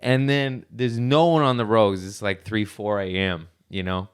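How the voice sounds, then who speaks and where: A laid-back man tells stories in a casual podcast chat, slangy and quick to laugh. His voice is low and smooth, with a clean, resonant tone. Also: fairly even intonation. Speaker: podcast host.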